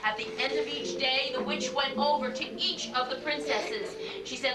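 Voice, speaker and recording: A woman entertaining children at a birthday party, leading them through acting games and telling a fairy tale in an animated, coaxing way. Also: sits high, normal speed, few pauses. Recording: roomy, distant home-video camcorder sound with loud music.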